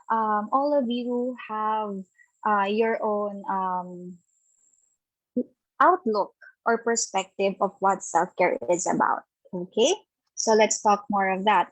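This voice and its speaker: A woman's voice: medium pitch, no room sound, poor audio. A woman with a Filipino accent giving an interactive online webinar on self-care, reading out participants' typed answers and affirming them with frequent "okay" and "ayan".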